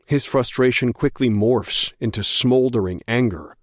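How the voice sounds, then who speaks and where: A man narrating a thriller audiobook in the first person, measured and tense. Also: medium pitch, dry recording, studio quality.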